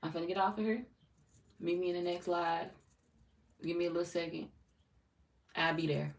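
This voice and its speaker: A woman with a St. Louis, Missouri accent chats loosely with her livestream viewers, playful and profane. Her voice has a gravelly fry to it. The sound is roomy and echoey, picked up from some distance. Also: lowish voice, steady tone, moderate pace. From Saint Louis, Missouri. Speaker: tarot reader hosting a livestream. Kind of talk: casual livestream chat greeting viewers. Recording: roomy echo, mic at a distance.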